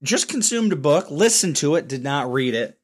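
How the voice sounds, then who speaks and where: A man hosting a casual solo podcast, hoarse from screaming, telling stories with lots of laughter. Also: fairly high pitch, moderate pace. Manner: animated storyteller, laughs often. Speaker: podcast host.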